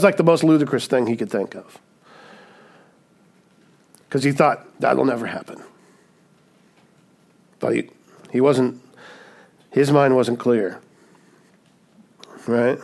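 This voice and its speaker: A male pastor delivers a sermon in a friendly, conversational style, with a voice sitting in an ordinary middle range. He keeps checking in with his listeners and slips in light humor as he explains his point. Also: medium pitch. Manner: conversational, often checks in with "right?"; humorous asides.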